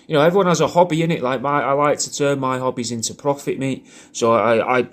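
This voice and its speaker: Crude rambling English man. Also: mid-range voice. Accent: English regional. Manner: crude, rambling, deadpan, lots of swearing. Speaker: comedic character doing a personalised video message. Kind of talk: rambling comic monologue.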